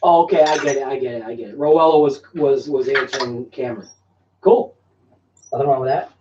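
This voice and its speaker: A man's voice: medium pitch, fairly quick, a little mellow, slight background noise. A man hosting a casual live stream in a room at home, rambling and joking and laughing often. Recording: echoey room, distant dull mic.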